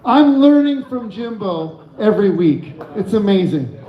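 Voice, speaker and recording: An open-mic comic rambles and giggles through a loose stand-up set on a bar stage, handheld mic in hand, with a crowd audible behind him. His voice is high and swings widely in pitch at an unhurried pace. The room is echoey and the mic sounds muffled.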